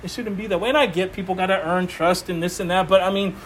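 A man preaching an informal sermon, animated and emphatic, repeating phrases and laughing often. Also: high voice, quick pace, a little hiss or hum. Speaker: preacher teaching a Bible study.

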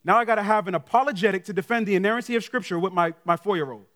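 A middle-aged male guest pastor preaching a sermon in a church, colloquial and conversational, swinging from loud emphasis to hushed asides. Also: sits high, racing. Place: church sanctuary.

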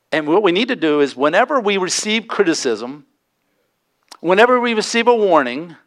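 A man preaching a sermon as pastor, animated, acting out quoted voices with folksy asides. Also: a little high.

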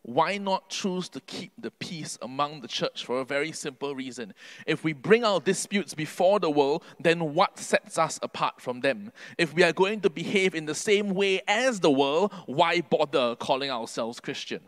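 A man preaching a sermon earnestly, building to emphatic peaks and then dropping his voice low. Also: expressive, moderate pace. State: can't sing due to covid.

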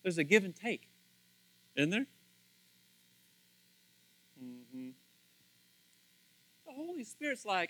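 A male pastor preaching a sermon in an animated, conversational way, often repeating words and acting out what others say. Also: sits high, slow pace, pauses often, low-quality recording.

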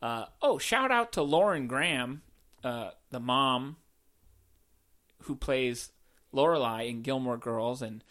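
Male podcast co-host: casual, slow-paced, animated pitch, laughs easily, drifts off mid-sentence. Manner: relaxed, laughs often, trails off mid-sentence. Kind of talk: casual chat.

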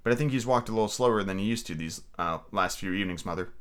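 A quiet Victorian boy speaks in a dropped, subdued voice. A man voices him for a storybook reading. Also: on the low side, fast, pitched below the performer's own voice, natural voice.

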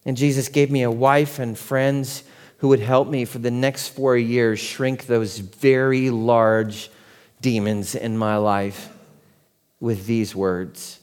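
A man in his forties, a pastor preaching a conversational sermon that swings from quiet and tender to loud and excited. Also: medium pitch, takes it slowly, clean tone. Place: church sanctuary. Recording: long hall reverb.

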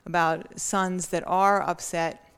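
Smooth-voiced woman asking a question. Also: on the low side, level tone. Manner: earnest, measured. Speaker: audience member asking a question.

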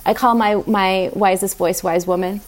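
A woman guest speaker talking warmly and animatedly on a video call, laughing often. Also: medium pitch, fairly even intonation, moderate pace. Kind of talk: heartfelt talk.

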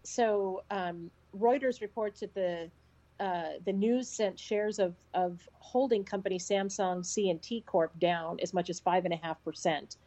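A woman co-hosting a casual talk show, reading news reports in a relaxed way, with fillers. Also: medium pitch, unhurried, muffled recording. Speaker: co-host.

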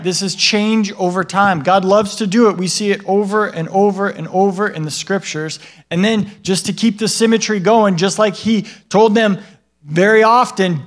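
A man's voice: sits high, a bit bright. A man preaching a sermon in a conversational way, often checking in with listeners and acting out the people in the stories. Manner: conversational, asks the listeners questions and tags lines with "right?"; acts out what God and other people say in a livelier voice. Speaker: pastor.

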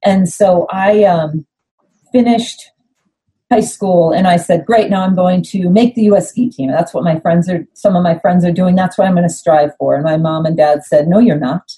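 A woman's voice: lowish voice, moderate pace, low-quality recording. A middle-aged American woman, a former athlete, telling stories in a casual interview and acting out quoted dialogue. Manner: animated, acts out quoted dialogue. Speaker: podcast guest, former Olympic skier.

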